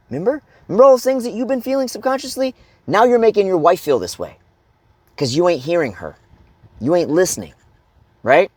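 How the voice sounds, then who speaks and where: A middle-aged man coaches other men in a raw, profane style, peppering every point with "right?" and "okay?". His voice sits somewhat high and swings widely in pitch, now and then leaping into mock shouted outbursts. The sound is dry and close, with no room around it. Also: dry recording. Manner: blunt and swearing, with constant "right?" and "okay?" tags; acts out shouted angry outbursts. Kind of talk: profane motivational talk to men.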